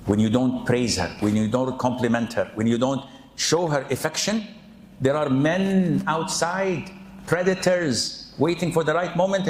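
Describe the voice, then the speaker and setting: A man preaching a humorous sermon-style reminder, acting out quoted voices with sudden high jumps in pitch. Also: a little mellow, echoey room, slight background noise, low-quality recording. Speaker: Islamic preacher.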